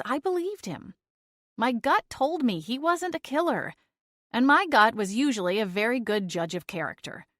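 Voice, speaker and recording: A woman narrating a first-person audiobook in an even, measured storytelling voice. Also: medium pitch, no echo, clean studio sound.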